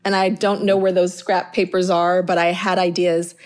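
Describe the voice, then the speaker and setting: A middle-aged woman from Inglewood, California, shares stories from her years in modeling and producing as an interview guest. Her voice is on the low side and her speed normal, and she's lively and chatty, peppering everything with "like" in a casual storytelling interview.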